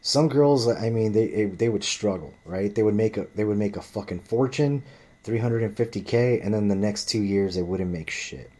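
A man's voice: fairly low pitch, normal speed, darkish tone. A man telling a story in a ranting vlog monologue, blunt and profane, often rambling and restarting his sentences. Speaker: vlogger.

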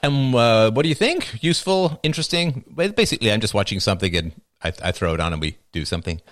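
A middle-aged man hosts a livestream, reading viewer comments aloud and answering them with dry jokes and wry asides. His voice is lowish and a bit bright, and he talks at a quick pace.

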